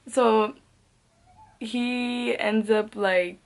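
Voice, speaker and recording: A young woman telling a casual storytime, rambling and swearing, with frequent "like" fillers and laughs between phrases. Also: on the high side. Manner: rambling, profane, peppered with "like". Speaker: vlogger.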